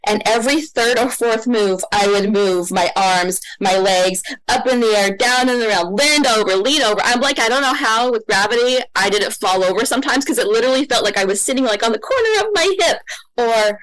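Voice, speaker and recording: Animated woman telling a story. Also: brisk, poor audio. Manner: animated storyteller, acts out quotes with big pitch jumps. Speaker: podcast guest, holistic coach and Reiki practitioner. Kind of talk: casual storytelling in a podcast interview.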